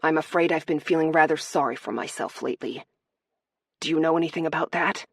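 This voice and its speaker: A woman's voice: low voice, fairly quick, gravelly, husky, heavily acted. A woman voicing a brooding noble lord, commanding and also tender toward the woman he speaks to.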